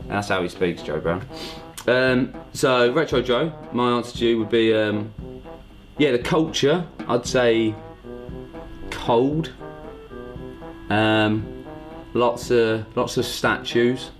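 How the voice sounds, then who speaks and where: A man's voice: medium pitch, slow, soft background music, rough recording. A man hosting a casual vlog, dry and self-mocking, with lots of ums. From England. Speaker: host.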